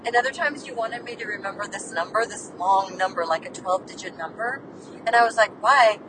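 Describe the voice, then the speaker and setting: On a road trip, a female podcast host keeps up brisk, playful small talk, giggling and teasing often. She sits well away from the microphone in a moving car, so her voice sounds off-mic and is backed by engine and road rumble.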